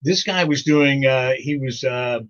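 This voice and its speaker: A man's voice: mid-range voice, a little slow, a bit bright. A middle-aged man hosting a radio morning show, telling rambling stories in casual on-air banter and chuckling often. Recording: muffled lo-fi live stream audio.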